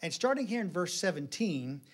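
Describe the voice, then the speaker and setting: A middle-aged man preaching a sermon in a church, folksy and joking, telling stories with animated delivery. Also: high voice, moderate pace. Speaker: pastor. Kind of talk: sermon with jokes.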